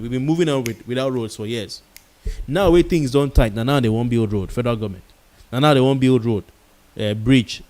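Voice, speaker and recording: A heated Nigerian-accented man delivers a late-night talk show monologue. He rants with passion, slipping pidgin words in among his English. His voice sits at an ordinary middle pitch. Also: darkish tone.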